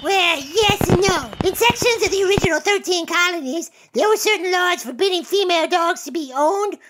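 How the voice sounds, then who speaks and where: A woman voicing a calm, deadpan know-it-all dog who lectures her panicky brother on a comedy podcast. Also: extremely high pitch, moderate pace, rough recording. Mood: lecturing. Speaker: podcast co-host. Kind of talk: comedy podcast role-play.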